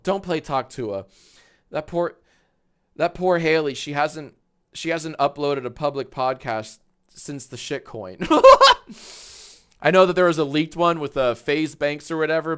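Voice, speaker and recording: A man's voice: fairly high pitch, smooth. A man hosting a casual livestream, reacting to videos with sarcastic, profane rants. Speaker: livestream host.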